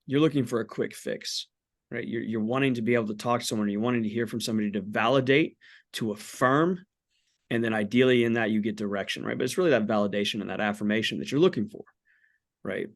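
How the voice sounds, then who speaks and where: A man's voice: on the low side, quick pace. A man in his forties, a podcast guest, talking candidly about faith in an earnest, blunt way with casual swearing. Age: 40s.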